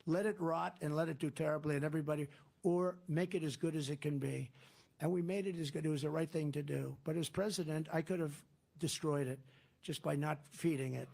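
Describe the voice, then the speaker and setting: Guy at a campaign rally going off on tangents, kinda raspy, rough gravelly tone, repeats himself a lot. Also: a little high, steady tone, brisk, darkish tone. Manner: rambling, digressive, repetitive. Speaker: political candidate. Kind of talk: rally speech.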